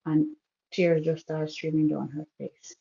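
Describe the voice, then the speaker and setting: A woman calls in to a live show and tells a hard family story in a quiet, halting voice, stopping and restarting often. Her voice is mellow and darkish. It comes through a poor, muffled phone connection. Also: sits low, level tone, creaky. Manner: soft-spoken, halting with restarts. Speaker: caller. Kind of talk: emotional personal story on a call-in show. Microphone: phone call.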